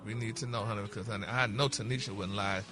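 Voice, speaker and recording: A man's voice: fairly low pitch, fairly even intonation, fast talker, music in the background. A man from Port Arthur, Texas, dishing celebrity gossip on a morning radio show, flamboyant and calling everyone honey and baby. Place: radio studio.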